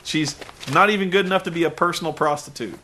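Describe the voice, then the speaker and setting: A man's voice: on the high side, a little fast, pushed and bright, a little hiss or hum. A man reviewing a wrestling show in a sarcastic, exasperated comedic recap.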